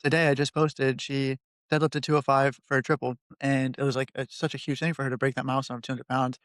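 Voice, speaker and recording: A man hosting a podcast, explaining coaching ideas in a relaxed, storytelling way. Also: mid-range voice, fast, no room sound, studio quality. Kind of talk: casual podcast conversation.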